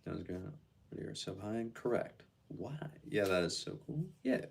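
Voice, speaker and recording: A man's voice: low voice, lively intonation, normal speed, vocal fry. A man casually chatting on a live stream, reading out viewer comments and answering them in a laid-back, slangy way.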